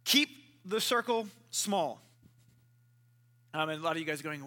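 A man's voice: on the high side, animated, normal speed, long pauses, bright, forceful tone. A man preaching a sermon as a pastor, telling stories animatedly and acting out conversations in other people's voices.

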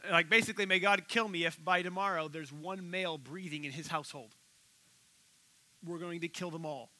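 A male pastor delivers a sermon with a high, sharply bright voice. He retells stories animatedly, jumping into the voices of the people in them. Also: low-quality recording. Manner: animated storytelling, acting out quoted voices.

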